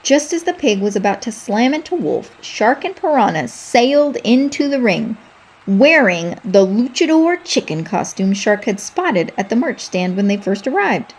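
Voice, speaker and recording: A woman reading a children's storybook aloud in a lively, expressive way. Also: on the high side, normal speed, breathy edge.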